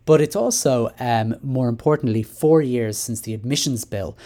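Irish man, mid-pitched voice, solo podcast host, chatty, rambling, lots of fillers. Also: moderate pace, warm tone. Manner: chatty, many fillers and restarts. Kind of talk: solo education podcast commentary.

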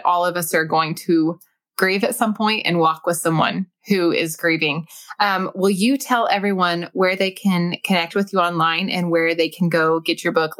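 A woman in her thirties hosts a casual interview and tells stories with animated enthusiasm. Her voice is a bit lower than most women's. Her tone stays lively throughout. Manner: warm, animated, enthusiastic storytelling. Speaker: host.

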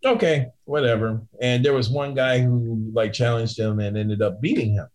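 A man telling a story from his work as a bouncer in casual chat, acting out both sides with lively shifts in voice. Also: medium pitch, normal speed, poor audio. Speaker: guest bouncer.

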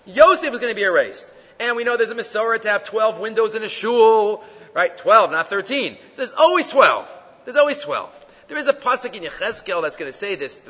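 A man teaching the weekly Torah portion, animated and full of rhetorical questions, reading Hebrew quotes and explaining them in English. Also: sits high. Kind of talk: Torah lecture. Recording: dull lo-fi recording in a reverberant hall.

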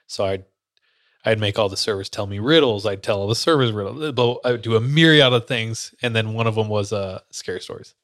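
A man's voice: lowish voice, a little fast, a bit bright, dry recording, studio quality. A young man, a podcast co-host, telling a story in casual chat and acting out the lines of the people in it. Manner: loose, laughing, acts out quotes.

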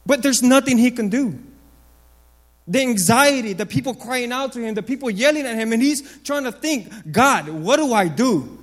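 A man preaching a sermon, emphatic and repetitive, swinging from loud lines to low, quiet ones. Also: animated, normal speed. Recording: long hall reverb.

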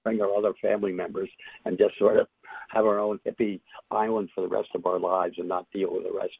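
An older man tells his story as an interview guest, reflective and halting, with many fillers and restarts. His voice is low, gravelly and husky. It comes over a dry, tinny phone line. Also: level tone, no room sound.

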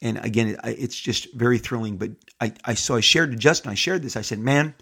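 A man's voice: medium pitch, a little fast, fairly bright tone. A middle-aged man hosting a podcast into a studio microphone, talking in an enthusiastic, rambling way with many restarts. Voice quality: gravelly, husky. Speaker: podcast host. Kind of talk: casual podcast monologue.

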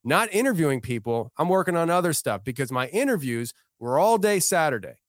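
A man's voice: on the high side, very animated, brisk, no echo, clean studio sound. A man in his thirties, a podcast guest, telling a personal story in a casual, earnest way, often restarting his sentences. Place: podcast studio.

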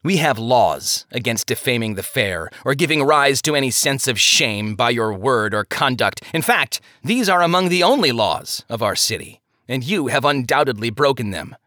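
A man's voice: medium pitch, big pitch swings, moderate pace, hardly any pauses, sharp tone, dry recording, studio quality. A man voicing a harsh, mocking city guard who speaks in a stern, commanding way.

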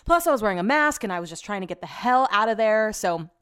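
A woman's voice: mid-range voice, lively intonation, fast, a bit bright, clear, resonant tone. Young woman podcasting, just chatting, kinda fed up, swears a bunch, laughs at herself. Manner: chatty, exasperated storytelling with swearing; laughs at herself mid-story. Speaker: podcast host. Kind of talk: casual chat.

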